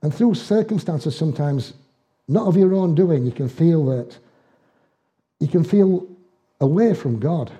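A man's voice: fairly high pitch, lively intonation, measured pace, long pauses, warm tone. A man with a Northern English accent preaching a conversational sermon, telling homely personal stories with humour and frequent laughs. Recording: dull, muffled lo-fi sound.

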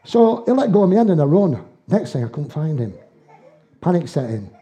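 Mellow-voiced Northern English preacher, chatty and humorous. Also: male voice, on the high side, big pitch swings, fairly quick. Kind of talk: conversational sermon with personal stories. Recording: dull, muffled lo-fi sound.

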